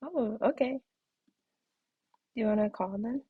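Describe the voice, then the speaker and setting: A woman's voice: on the high side, measured pace, breathy edge, dry recording. A young woman chatting casually on her live stream, giggly, with a throat that feels off and the odd whispered aside. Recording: dull, muffled stream audio.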